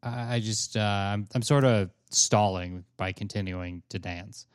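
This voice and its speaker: A man playing a tabletop role-playing game, halting and self-mocking as he speaks in character. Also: fairly low pitch, clean tone, no room sound, clean studio sound. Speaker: player. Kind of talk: in-character role-play chat.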